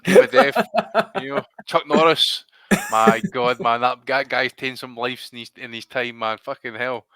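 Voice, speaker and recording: A man's voice: mid-range voice, steady tone, moderate pace, crowd noise. A man co-hosting a podcast, trading jokey, laid-back banter. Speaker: podcast co-host. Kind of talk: casual podcast chat.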